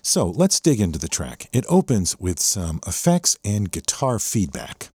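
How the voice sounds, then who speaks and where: A man's voice: sits low, wildly swooping pitch, a little slow, a little mellow, breathy edge. A man hosting a track breakdown, explaining a rock song's parts with enthusiasm and a teacherly manner. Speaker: host breaking down a rock song. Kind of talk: explanatory music commentary. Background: the song playing underneath.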